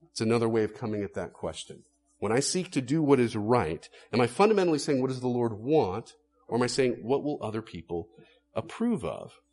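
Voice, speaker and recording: Lively-voiced male preacher. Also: mid-range voice, husky. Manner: earnest, rhetorical questions, emphatic stresses. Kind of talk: sermon.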